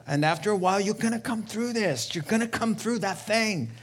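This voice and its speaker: A middle-aged man preaching a sermon as pastor, telling stories with lively voiced quotes and laughter. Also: high-pitched, fairly quick, husky.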